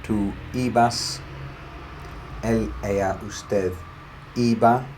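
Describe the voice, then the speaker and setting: A man teaching a grammar lesson, explaining slowly and carefully and reading out example sentences. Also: lowish voice, fairly even intonation, darkish tone, slight background noise. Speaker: Spanish teacher.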